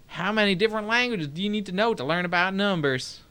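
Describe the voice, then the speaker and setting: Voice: medium pitch, moderate pace, long pauses, bright, forceful tone, clean tone. A let's play host giving casual gameplay commentary, reading game text aloud with joking asides, chatting to viewers, swearing and laughing now and then.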